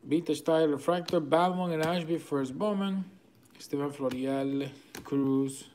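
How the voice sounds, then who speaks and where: A man's voice: fairly high pitch, slight background noise. A man with a Venezuelan Spanish accent, hosting a card break and rattling off names as he opens packs. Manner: rapid-fire listing of cards, excitable, chuckling. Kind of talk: live card-opening commentary.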